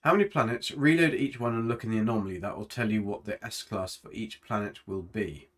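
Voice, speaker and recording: In a relaxed game stream, a man rambles, jokes, and answers his viewers by reading their chat out loud while playing. He talks fairly quickly in a lowish voice, over faint background music.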